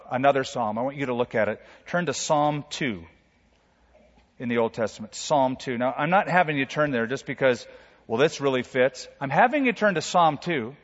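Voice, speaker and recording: A man, a pastor, preaching a sermon with dramatic swings between loud and soft. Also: a little high. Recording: dull sound with long hall reverb.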